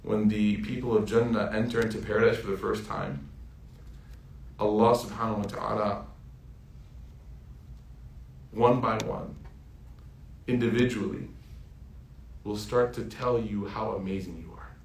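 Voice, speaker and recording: A man's voice: on the low side, fairly even intonation, unhurried, vocal fry, long pauses, slight background noise. A man in his thirties giving a heartfelt sermon as an Islamic preacher, telling stories and building to emphatic peaks. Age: 30s. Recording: roomy echo.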